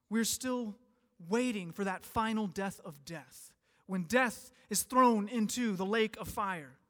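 High-voiced pastor preaching in a reverberant hall. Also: male voice, expressive, a little slow. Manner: earnest, swelling to emphatic peaks then dropping soft. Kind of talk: sermon.

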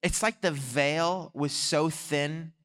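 A man preaching a sermon, telling a story in an animated way and swelling louder on his exhortations. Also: on the high side, takes it slowly. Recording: long hall reverb.

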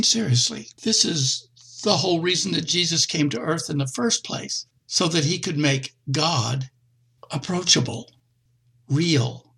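Gravelly husky male preacher. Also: a little high, a bit bright. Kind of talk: sermon.

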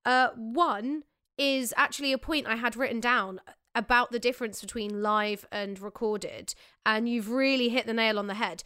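Smooth-voiced blunt woman. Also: on the high side, fairly even intonation, normal speed, sharp tone, no echo, studio quality. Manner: blunt, encouraging, frank. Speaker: podcast co-host. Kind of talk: casual chat.

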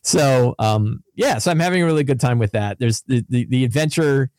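A man, a podcast co-host and game master, recounting his tabletop session in animated, casual storytelling. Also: medium pitch, brisk, no echo, clean studio sound. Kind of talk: casual chat.

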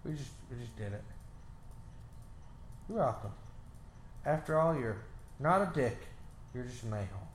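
A man's voice: medium pitch, lively intonation. A man chatting playfully and giggling while watching a movie with a friend. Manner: giggly, playful, drawn-out delivery. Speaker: co-viewer reacting to a movie. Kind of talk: casual chat. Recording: roomy sound with faint background noise.

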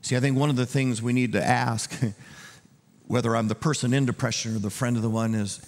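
A man preaching a conversational sermon as a pastor, dropping to a hushed, gentle tone and then rising into loud, urgent appeals. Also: mid-range voice, steady tone, a little fast, in a large hall. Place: church auditorium.

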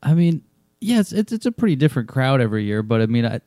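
A man co-hosting a casual interview, asking quick leading questions. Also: mid-range voice, big pitch swings, mellow, no room sound, studio quality. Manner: quick, asks leading questions ending in "right?".

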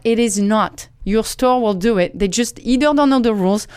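Smooth-voiced woman explaining practical habits. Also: on the high side, normal speed, a little mellow, dry recording. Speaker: guest author. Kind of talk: studio interview. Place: radio studio.

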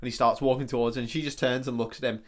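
A man's voice: medium pitch, flat delivery, very fast. A man co-hosting a podcast, casually recapping a film in a rambling way full of "like" and swearing. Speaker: podcast co-host.

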